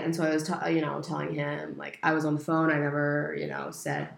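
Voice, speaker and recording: A young woman in her twenties talks through a personal story in a candid, chatty way, her voice sitting low. The room around her is echoey and open. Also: little pitch movement, a little fast, creaky. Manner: candid and chatty, leans on "like" and "you know". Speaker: guest telling a personal story. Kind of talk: casual chat. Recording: roomy echo.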